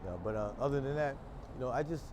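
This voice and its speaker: An older man chatting loudly and rambling through jokes and stories outdoors on a city street. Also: mid-range voice, fast talker. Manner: loud, joking, rambling storyteller. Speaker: local street personality. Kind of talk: casual chat while walking the street. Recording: outdoor street noise, traffic.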